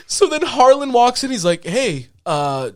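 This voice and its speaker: A man on a podcast, recapping a movie in casual chat, laughing often and acting out lines in quick voices. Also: extremely high pitch. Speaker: podcast co-host.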